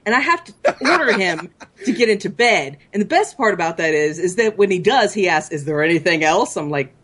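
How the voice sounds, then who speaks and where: A woman's voice: mid-range voice, animated, a little fast, fairly bright tone, breathy edge. A woman co-hosting a podcast, telling rambling game stories in casual chat, chatty and giggly. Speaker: podcast co-host.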